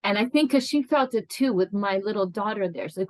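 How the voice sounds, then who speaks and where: A woman's voice: mid-range voice, lively intonation, brisk, no room sound, rough recording. Earnest woman telling her story, dry sound. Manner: earnest, emotional, reflective storytelling with frequent restarts. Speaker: interviewee. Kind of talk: oral history interview, personal storytelling.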